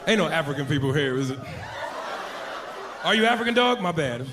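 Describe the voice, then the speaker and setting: A brash, profane male comedian working a live crowd, his voice riding fairly high. The stage mic picks up constant room noise and a crowd that keeps laughing. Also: animated, a little fast. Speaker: stand-up comedian. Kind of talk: stand-up comedy set.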